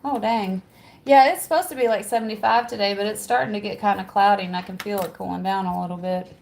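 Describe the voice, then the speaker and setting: A woman's voice: medium pitch, fairly even intonation, quick pace, creaky, darkish tone, a little hiss or hum. A woman hosting a livestream from home, chatting casually, reading viewer comments aloud and laughing often. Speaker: livestream host.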